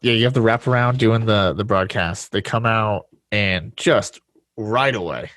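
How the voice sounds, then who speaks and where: A man co-hosting a casual podcast chat, wry, often dropping low and quiet when he sums things up. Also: a little slow, no echo. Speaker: podcast co-host.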